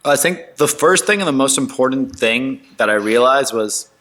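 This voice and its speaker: A man in his twenties, a guest entrepreneur, telling his story in a casual interview in an animated, slangy way. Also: mid-range voice, moderate pace. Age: 20s. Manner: animated, slangy, mimics others in quotes.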